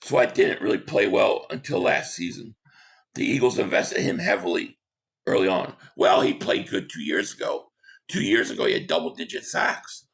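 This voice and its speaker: Hoarse, gravelly man chatting live. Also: fairly low pitch, very animated, fairly bright tone. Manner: opinionated, quick agreement with viewers. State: hoarse, losing his voice. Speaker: live stream host. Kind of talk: casual live stream chat reading viewer comments.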